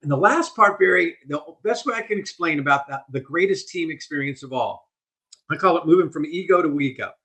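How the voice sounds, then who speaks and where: Animated older man telling stories. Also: fairly high pitch, a little fast. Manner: animated storyteller, vivid delivery. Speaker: guest speaker. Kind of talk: podcast interview.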